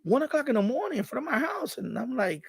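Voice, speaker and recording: A man hosting a live stream, casually telling a neighborhood story in an animated way and laughing often. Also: very high-pitched, quick pace, vocal fry, slightly rough.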